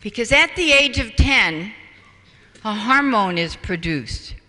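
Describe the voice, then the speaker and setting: A man's voice: high voice, expressive, takes it slowly, pushed and bright. A man giving a public talk on parenting. He tells stories animatedly and acts out the quotes. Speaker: parenting speaker. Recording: echoey hall from far off, faint noise.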